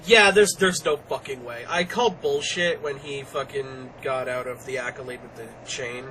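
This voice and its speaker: A young woman co-hosting a casual wrestling review podcast, animated and quick to laugh, swearing constantly. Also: rumbling low, a little hiss or hum, poor audio. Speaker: podcast co-host.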